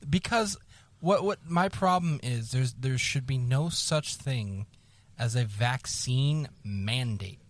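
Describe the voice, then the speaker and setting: A man's voice: mid-range voice, lively intonation, slow. A man co-hosting a casual podcast, blunt and self-deprecating. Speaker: podcast co-host.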